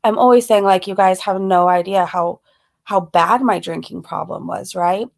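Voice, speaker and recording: A woman's voice: mid-range voice, moderate pace, gravelly. A woman hosting a casual live stream. She is slightly out of breath, greets viewers by name and laughs between phrases.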